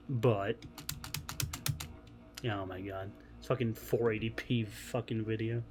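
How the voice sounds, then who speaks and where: A man giving casual gameplay commentary as a streamer, excitable and swearing a lot, over game music. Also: on the low side, takes it slowly, long pauses, noisy background.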